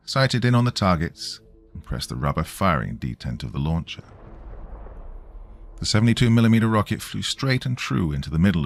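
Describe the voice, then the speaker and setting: Male storyteller, low and expressive, scripted narration over faint music. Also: no room sound.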